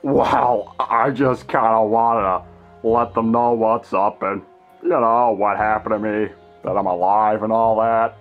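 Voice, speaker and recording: A man's voice: fairly low pitch, fairly even intonation, unhurried, dull audio, faint music behind, lightly acted. A young man voicing an awkward, whiny teenage boy Jedi who hesitates and rambles. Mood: hesitant. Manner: hesitant and rambling, full of fillers.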